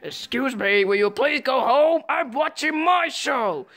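A bright, piercing cartoon dog voice, done by a home-made movie performer that swoops wildly up and down. It drawls its words slowly and bursts into gasps and shouted exclamations, endlessly overexcited. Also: sits high, animated, full character voice. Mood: exasperated. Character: excitable cartoonish pet dog.

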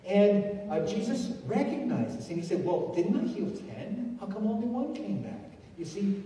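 A man's voice: on the high side, dark tone. A man giving a sermon as a pastor, telling stories with many restarts and acting out the quoted voices. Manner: storytelling, acts out quoted voices, frequent restarts. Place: church sanctuary. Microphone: recorded from the pews. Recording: distant echoey hall recording from the pews.

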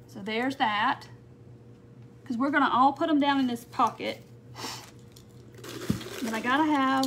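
Southern woman, slightly high voice, easygoing crafter talking viewers through a project, faint room hum behind. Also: a bit bright. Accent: Southern American. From not from North Mississippi. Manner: chatty, reads out viewer comments. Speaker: crafter hosting a live stream. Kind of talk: casual craft tutorial chat. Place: home craft table.

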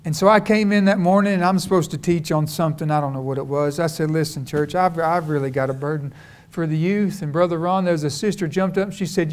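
Fervent high-voiced preacher man. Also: steady tone, fast. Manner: storytelling, folksy, rising to fervent. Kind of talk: sermon.

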